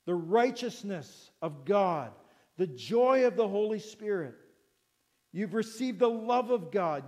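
Slow, high-voiced preacher in a ringing hall. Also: male voice, a little mellow. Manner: earnest, repeats phrases, asks the listeners questions. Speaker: pastor. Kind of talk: sermon. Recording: long reverb of a large hall.

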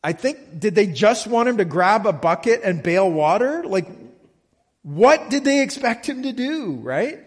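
A man preaching a sermon, slow and emphatic, often checking in with the listeners. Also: sits high, sing-song, breathy edge, big-room sound. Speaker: pastor.

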